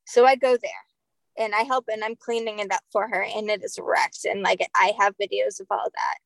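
Woman, spirit medium, casual storytelling, chatty, filler words, mid pitch, dry close recording. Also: level tone, moderate pace, creaky, dry recording, poor audio. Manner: chatty, filler-heavy with frequent "like" and "um". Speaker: podcast guest, spirit medium.

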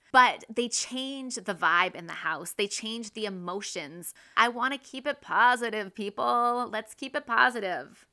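Mom in her 30s doing a parenting podcast, earnest, bright clear voice, plays out little scenes from home. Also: mid-range voice. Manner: earnest, acts out her own examples. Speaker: podcast host and mother. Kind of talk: casual faith-based parenting talk.

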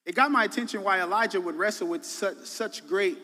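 Guest preacher, man, high bright voice, emphatic with slangy asides, church hall reverb. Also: a little fast. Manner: emphatic, swinging between loud bursts and quiet drops, casual slang. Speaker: guest pastor. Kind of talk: sermon. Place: church sanctuary.

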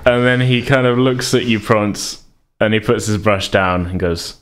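A man running a tabletop role-playing game as game master, narrating in a relaxed, amused way. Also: fairly low pitch, a little slow, smooth.

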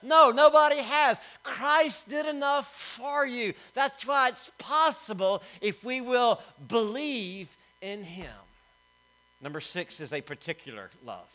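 A middle-aged man preaching a sermon, swinging between loud emphatic lines and quiet storytelling. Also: very high voice, big pitch swings, measured pace, rough recording. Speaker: pastor.

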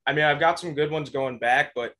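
A man's voice: on the high side, a little fast, fairly bright tone. A man appearing as a guest on a sports podcast in casual chat, talking in an easygoing, friendly way. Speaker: guest, contest-winning listener.

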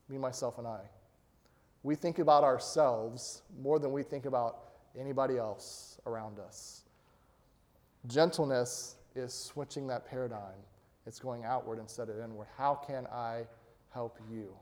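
A man's voice: mid-range voice, measured pace, long pauses, a little mellow. A male pastor preaching a sermon, asking his congregation questions and rising to emphatic peaks. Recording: long hall reverb.

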